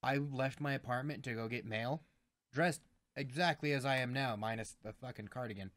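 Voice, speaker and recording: Young male co-host, casual over-drinks banter, animated and foul-mouthed, middle pitch, dry close sound. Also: moderate pace, no room sound. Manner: animated and profane, swears often.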